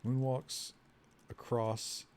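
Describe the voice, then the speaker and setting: Slow man dictating typed game moves. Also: mid-range voice, level tone, darkish tone, a little hiss or hum. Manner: dictates his typed moves, speaking punctuation aloud. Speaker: co-host. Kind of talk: playing a text adventure game.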